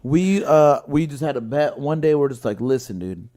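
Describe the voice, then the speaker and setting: A podcast host from Washington State in the US tells a long, rambling story in casual chat at a podcast studio with guests. His mid-range voice is animated and mellow at normal speed, and he swears often and laughs mid-sentence.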